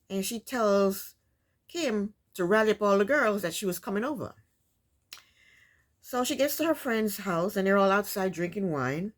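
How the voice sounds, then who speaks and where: A woman casually recapping a reality TV episode, chatty and opinionated, talking back at the people on the show. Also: mid-range voice.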